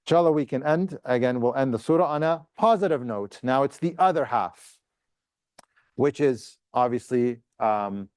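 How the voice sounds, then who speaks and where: A man teaching a class, moving between plain explanation and chanted recitation of verses. His voice sits at an ordinary middle pitch. The sound is dry and close, with no room echo, and he turns to his students with questions. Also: moderate pace, darkish tone, clear, resonant tone. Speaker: Quran teacher. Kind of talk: classroom tafseer lesson.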